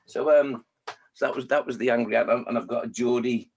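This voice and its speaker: Husky-voiced poet chatting loosely and jokily over a video call. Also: male voice, medium pitch, fairly even intonation, a little fast, a little mellow. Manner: jokey, chatty, restarts a lot. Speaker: children's poet. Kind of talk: casual video-call interview.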